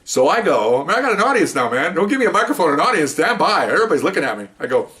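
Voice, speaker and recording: Joking older retired cop telling stories. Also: male voice, fairly high pitch, very fast, few pauses. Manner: jokey, animated, chuckling storyteller. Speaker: retired police officer storyteller. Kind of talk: casual anecdote telling.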